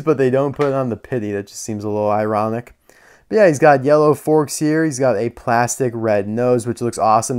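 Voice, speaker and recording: A man's voice: mid-range voice, a little mellow. A young man casually reviewing a collectible toy car, chatty and rambling, enthusiastic about small details.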